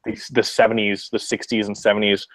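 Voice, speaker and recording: A man with a lowish voice talks fast as a guest over a video call. His delivery is casual and profane, and he keeps restarting sentences. The sound is dry and close. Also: flat delivery, a bit bright, dry recording, low-quality recording. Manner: rambling, profane, frequent restarts. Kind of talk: casual chat.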